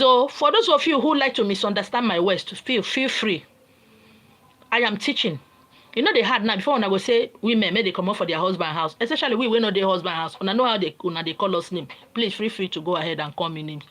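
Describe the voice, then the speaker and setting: Animated Nigerian woman lecturing. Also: medium pitch, poor audio. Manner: emphatic, repetitive, lecturing. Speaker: spiritual teacher. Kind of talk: informal spiritual teaching monologue.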